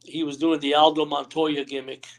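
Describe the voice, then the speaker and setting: A man's voice: fairly high pitch, level tone, moderate pace. A man, a retired wrestler, telling rambling backstage stories on a live stream interview, acting out what others said. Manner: rambling anecdotes, acts out quotes, many "you know what I mean". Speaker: retired pro wrestler, guest. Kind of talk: storytelling interview. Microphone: remote live stream call.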